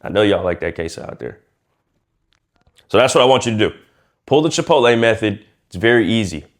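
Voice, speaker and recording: A man coaching viewers on speaking, casual and lively, acting out quiet and loud ways of talking and using slang as he goes. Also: on the low side, a little fast. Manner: lively and demonstrative, acts out quiet and loud speech. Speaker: communication coach. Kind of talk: casual instructional talk to camera.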